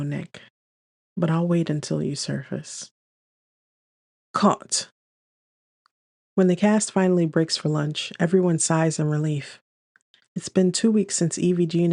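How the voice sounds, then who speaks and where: A woman's voice: on the low side, warm tone, no echo, clean studio sound. A woman narrating a first-person romance audiobook in a wry, dreamy inner-monologue manner.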